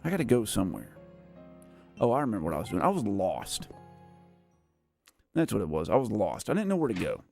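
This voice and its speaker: A man's voice: on the low side, huge pitch swings, fairly quick, gravelly, long pauses, a little mellow, faint music behind. Tired, chatty gaming streamer man. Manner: rambling, chatty and self-mocking. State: tired and worn out. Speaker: gaming livestream host. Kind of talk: casual live gameplay chat.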